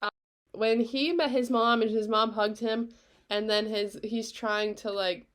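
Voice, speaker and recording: A woman co-hosting a casual podcast, talking in an animated way, swearing freely, often trailing off and starting over. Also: on the high side, a little slow. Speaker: podcast co-host. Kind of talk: casual chat.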